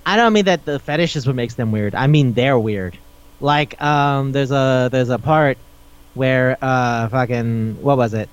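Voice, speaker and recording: A man's voice: medium pitch, a little slow, clean tone, lo-fi sound. A man hosting a podcast in casual chat, rambling through a recap, swearing often and laughing as he talks. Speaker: podcast host.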